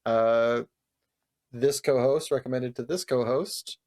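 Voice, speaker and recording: A man's voice: mid-range voice, steady tone, takes it slowly, a little mellow. A man co-hosting a podcast, casual and laid-back, swearing and laughing often. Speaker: podcast co-host. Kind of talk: casual chat.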